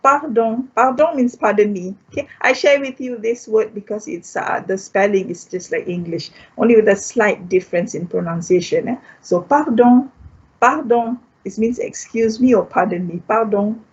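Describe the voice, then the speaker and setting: Husky Malaysian woman teaching a class. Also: mid-range voice, moderate pace, hardly any pauses, a little mellow. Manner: drills words by repeating them, checks in with "okay?"; switches into Malay phrases now and then. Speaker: French language teacher. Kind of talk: live online language lesson. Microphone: streamed live online. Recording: dull lo-fi stream audio.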